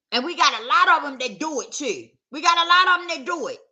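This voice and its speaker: Bright high-voiced woman ranting. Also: big pitch swings, fairly quick. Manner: emphatic, repetitive, heated. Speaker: vlogger. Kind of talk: casual direct-to-camera rant.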